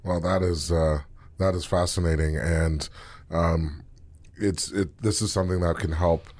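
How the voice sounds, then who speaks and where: Male host, studio interview, very deep voice, enthusiastic anecdote-teller. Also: steady tone, measured pace, darkish tone. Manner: chatty, enthusiastic storyteller. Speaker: interview host from a stock exchange.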